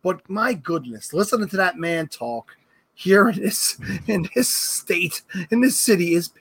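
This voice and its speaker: A man's voice: sits high, sing-song, a little slow, fairly bright tone, slightly rough. A man from New York, a guest on a podcast, joking and chatty. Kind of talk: casual podcast chat.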